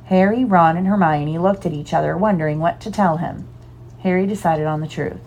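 Storybook reader: woman, slightly low voice, animated and expressive delivery. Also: brisk. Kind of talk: reading a storybook aloud.

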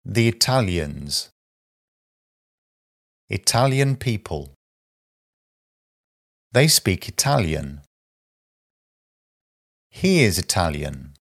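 Man, language teacher, deep voice, very lively intonation, careful phrase-by-phrase delivery. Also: vocal fry. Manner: slow, deliberate, pausing after each short phrase. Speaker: vocabulary teacher. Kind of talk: reading a vocabulary list aloud.

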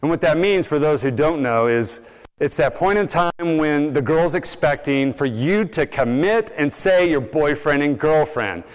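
A young man delivers a sermon in a voice pitched a little high. He tells stories with energy and slips into the voices of the people he quotes. His words ring out with a long reverb, as in a large hall. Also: measured pace, clean tone. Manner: animated storytelling, acts out quoted voices. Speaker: preacher.

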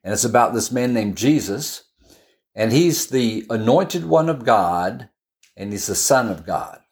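A man's voice: mid-range voice, lively intonation, a little slow, a little mellow. A man preaching in a chatty, storytelling way, often restarting and adding asides as he explains a Bible passage. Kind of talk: conversational Bible teaching.

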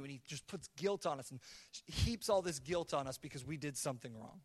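A man's voice: a little high, quick pace, slightly rough, dry recording. A man preaching a sermon as the pastor, earnest, often repeating words as he builds a point. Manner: acts out God's voice in quoted asides.

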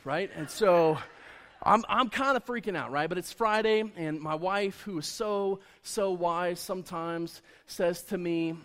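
A man preaching a sermon as a personal story, acting out conversations with lively swings in his voice. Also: high voice, a little slow. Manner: animated storyteller, acts out dialogue. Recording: long hall reverb.

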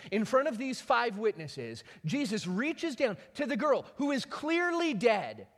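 A male pastor preaching with a high, lively voice that swings widely in pitch. He tells the story dramatically, and his voice rings with the long reverb of a large hall. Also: measured pace. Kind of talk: sermon.

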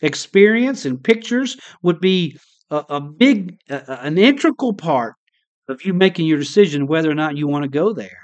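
Impassioned high-voiced male preacher. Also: expressive, normal speed, highs cut off. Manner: impassioned, with sharp swings between loud high emphasis and hushed low moments; repeats words when building a point. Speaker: pastor. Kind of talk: sermon.

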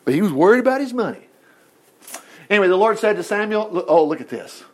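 A man teaching a Bible passage in a casual, animated way, breaking into asides between verses. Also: high voice. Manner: animated, reads scripture with asides and quick voiced quotes.

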